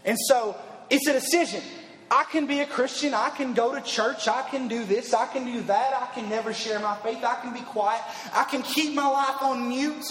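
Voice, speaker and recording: A man preaching an emphatic youth sermon that repeats its points and builds to shouts. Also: very high voice, animated, moderate pace, roomy sound, in a large hall. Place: large hall with an audience.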